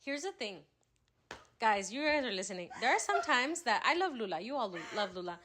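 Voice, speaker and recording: A woman co-hosting a podcast in casual chat, excitable and teasing, often laughing as she talks. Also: a little high, brisk, a little hiss or hum. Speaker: podcast co-host.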